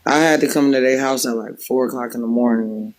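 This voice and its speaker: Brief: male host, casual rambling storyteller, filler-heavy, mid-pitched voice. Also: brisk, poor audio. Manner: loose, rambling telling with many "like" fillers. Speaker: livestream host; former home health care worker.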